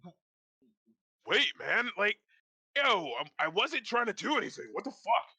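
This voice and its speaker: A man's voice: sits high, sing-song, measured pace, sharp tone, breathy edge, dry recording, voice pushed up, exaggerated voice. A man voicing a defensive young guard in a tabletop game, who stammers and swears. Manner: profane, stammering.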